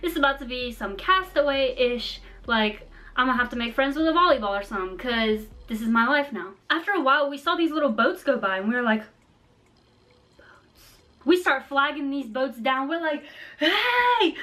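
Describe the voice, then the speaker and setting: A young woman vlogger telling a story in a chatty, animated way, full of slang and fillers. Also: high-pitched, brisk. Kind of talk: casual storytime vlog.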